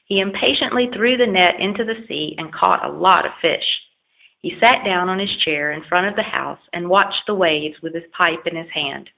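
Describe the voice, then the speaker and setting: A woman narrating a children's storybook aloud in a steady, expressive read-aloud manner. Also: lowish voice, normal speed, vocal fry. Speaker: audiobook narrator. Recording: lo-fi phone-like audio.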